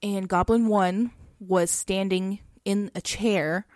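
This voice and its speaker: A woman's voice: mid-range voice, fairly even intonation, slow pace, dry recording. Chatty woman telling a story, dry sound. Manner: chatty, frequent "like" and soft laughs. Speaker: podcast co-host telling a story. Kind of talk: casual storytelling.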